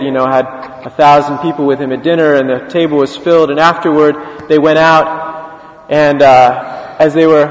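A man's voice: a little high, echoey room, in a large hall, lo-fi sound. A man preaching a sermon in a church, telling a story in an easy, conversational way.

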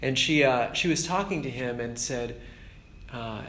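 A man's voice: mid-range voice, moderate pace, fairly bright tone, slight background noise. A man giving an informal, earnest spiritual talk as a preacher, conversational and self-deprecating. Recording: roomy echo with faint ambience.

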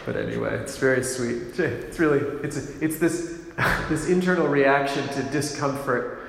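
A man, a priest from a monastic order, giving a gentle, reflective sermon, unhurried and often breaking into soft laughs. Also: mid-range voice, vocal fry. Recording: very echoey hall with long reverb, faint room noise.

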